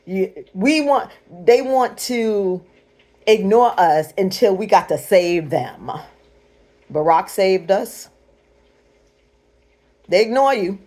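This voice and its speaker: A woman's voice: medium pitch, a little mellow. A woman, talking straight to viewers in an emphatic, preachy way. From United States. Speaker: vlogger. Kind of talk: casual direct-to-camera commentary.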